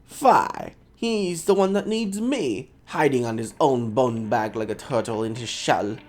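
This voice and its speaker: A man doing a brash, scornful spirit woman in a rough Scottish accent. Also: medium pitch, lively intonation, measured pace, darkish tone. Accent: attempted Scottish. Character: defiant woman spirit sharing an elf's body.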